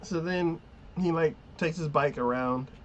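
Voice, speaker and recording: A man's voice: a little high, measured pace, a little hiss or hum. A man casually recapping an anime episode, rambling with many fillers, often laughing and acting out lines. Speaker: anime podcast host.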